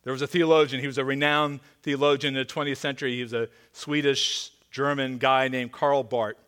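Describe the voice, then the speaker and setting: A man preaching a sermon as pastor, earnest and pleading, dropping to a hushed voice for emphasis. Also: mid-range voice, flat delivery, a little fast, smooth.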